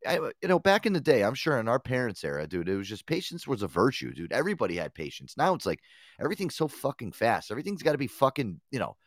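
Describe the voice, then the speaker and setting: Animated, profane man hosting a chat show. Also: mid-range voice, fast, no room sound, clean studio sound. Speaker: podcast host. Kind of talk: casual chat.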